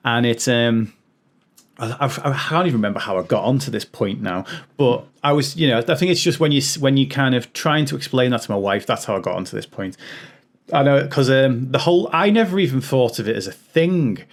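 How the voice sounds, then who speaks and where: Male podcast host, mid pitch, casual, laughs a lot, talks in restarts. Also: lively intonation, brisk. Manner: chatty, laughs often, many restarts. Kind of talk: casual chat.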